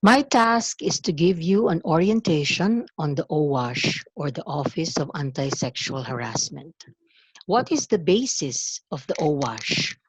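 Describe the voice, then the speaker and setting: Slow, husky woman lecturing. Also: deep voice, expressive, no echo, low-quality recording. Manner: deliberate, emphatic, stresses key words. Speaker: university anti-harassment office coordinator. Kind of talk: formal orientation lecture.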